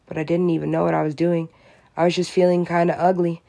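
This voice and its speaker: Vlogger, gravelly voice, rambling monologue, swears freely, conspiracy talk. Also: medium pitch, flat delivery, fast talker, mellow.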